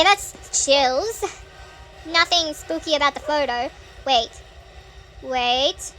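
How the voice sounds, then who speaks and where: A woman hosting a gaming channel, giving chatty, excitable let's-play commentary with nervous laughs. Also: high-pitched, slow, pauses often, slight background noise.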